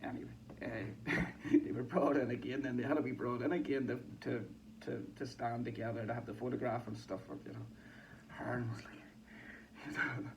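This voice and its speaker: Gravelly Northern Irish man, sweary and rambling. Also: mid-range voice, fairly even intonation, a little fast, muffled recording, a little hiss or hum. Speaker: boxing commentator. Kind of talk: casual chat.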